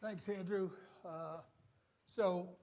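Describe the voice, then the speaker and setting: A man's voice: high-pitched, steady tone, slow, darkish tone. An older man with a New Jersey accent giving a joking, rambling conference presentation to a live audience. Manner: joking, self-deprecating, rambling asides. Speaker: conference speaker.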